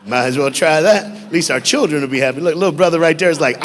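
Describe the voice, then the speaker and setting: Animated preacher in a church hall. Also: male voice, on the high side, fast, hardly any pauses, slight background noise. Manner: animated storytelling with jokes, shifting from loud bursts to hushed. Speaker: youth speaker. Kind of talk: sermon.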